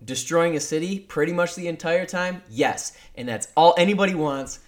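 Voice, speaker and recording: A man co-hosts a casual podcast with a slightly higher voice than most men. He rants in an animated, profane way and swears freely. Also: moderate pace. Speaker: podcast co-host. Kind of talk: casual chat.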